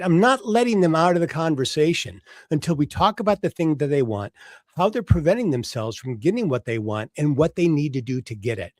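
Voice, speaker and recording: A man in his element as a guest sales coach, his voice rising and falling with lively emphasis. He keeps checking in with a quick "right?" as he makes each point. The sound is close and dry, with no room around it. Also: fairly high pitch, dry recording. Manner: emphatic, often adds "right?". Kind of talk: conversational interview answer.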